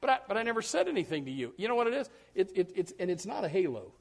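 A man's voice: high voice, very animated, rapid-fire, a little hiss or hum. A man preaching a sermon to his congregation, acting out quoted voices and repeating words as he builds his points. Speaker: pastor.

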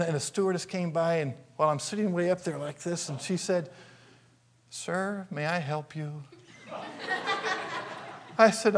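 Man, older, from Arkansas, preacher, folksy storyteller, acts out scenes. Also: fairly high pitch. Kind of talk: sermon storytelling.

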